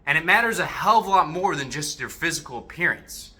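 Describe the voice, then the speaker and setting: A man talks straight to his viewers in a casual motivational monologue, swearing freely as he goes. His voice is bright and sharp, and it swings widely up and down in pitch. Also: fairly quick. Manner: animated, profane, addresses viewers directly. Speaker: self-improvement vlogger.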